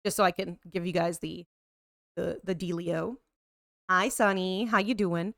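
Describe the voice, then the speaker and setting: A woman's voice: lowish voice, fairly even intonation, a little slow, gravelly, no room sound, studio quality. Chatty American woman streaming a game. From United States. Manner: chatty, reads the game's lines with dramatic emphasis, swears casually. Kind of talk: live game stream, reading game text aloud.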